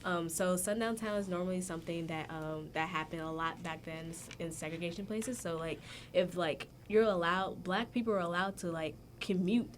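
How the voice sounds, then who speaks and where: A young woman in a casual radio discussion, calmly explaining a topic to the group and chiming in with quick reactions. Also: fairly low pitch, slight background noise.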